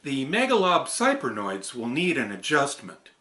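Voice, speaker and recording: A man's voice: medium pitch, huge pitch swings, moderate pace, sharp tone. A man voicing a theatrical male horror-show host character in a hammy, showman-like delivery.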